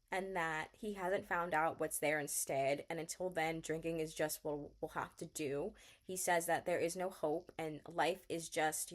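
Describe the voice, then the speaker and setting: Young woman, book vlogger, excitable gushing rant with a slightly low voice. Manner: excitable, gushing, laughs often. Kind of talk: ranting book recap.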